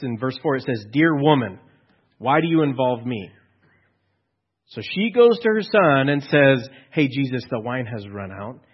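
Pastor, male, mid-pitched, a little husky, chatty sermon with acted-out quotes, lo-fi church capture. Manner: conversational, acts out quotes with hushed asides.

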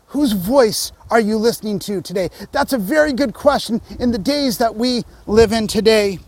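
Male pastor, high voice, earnest preaching, dry recording. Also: moderate pace, hardly any pauses, dry recording. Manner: earnest, direct appeals to listeners. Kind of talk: sermon.

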